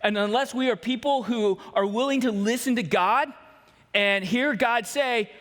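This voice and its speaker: A pastor with a notably high voice delivers a storytelling sermon, slipping into voices for the people he quotes. His words ring out with a long reverb that fills the church hall. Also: measured pace, fairly bright tone. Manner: storytelling preacher who acts out quoted voices. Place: church sanctuary.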